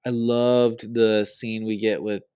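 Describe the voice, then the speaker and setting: A man's voice: on the low side, level tone, slow pace, dark tone, clean tone, no room sound. A male podcast host giving a casual, earnest, rambling recap of a reality show episode.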